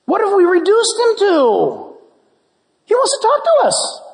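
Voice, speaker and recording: A man preaching a sermon as pastor, animated and conversational with jokes. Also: very high voice, unhurried. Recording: long church hall reverb.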